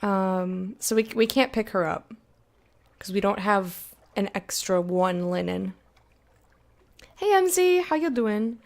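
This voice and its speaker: A young adult woman streaming a game, chatting excitedly with viewers, swearing, and slowly reading game text aloud. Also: mid-range voice, creaky. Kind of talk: blind let's-play commentary, chatting with viewers.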